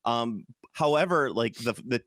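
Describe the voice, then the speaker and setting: A man's voice: mid-range voice, animated, measured pace, fairly bright tone, no echo, clean studio sound. Rambling, eager podcast guy from Chicago. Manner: rambling, enthusiastic, trails off and restarts. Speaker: podcast co-host. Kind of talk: casual chat.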